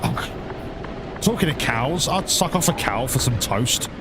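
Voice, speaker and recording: A man's voice: mid-range voice, animated, a little slow. Crude, rambling man over vehicle noise. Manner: rambling, crude, jokey banter. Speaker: gaming streamer. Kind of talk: casual gameplay commentary.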